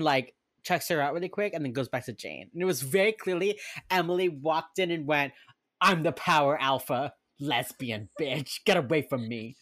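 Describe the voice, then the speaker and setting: A woman on a casual podcast talks through a TV episode, jumping into the characters' voices as she goes. Her pitch swings widely from line to line. The sound is dry and close to the mic. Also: no room sound. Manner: animated, acts out characters' lines with laughs; swears casually. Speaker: podcast co-host recapping a TV episode. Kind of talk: casual chat.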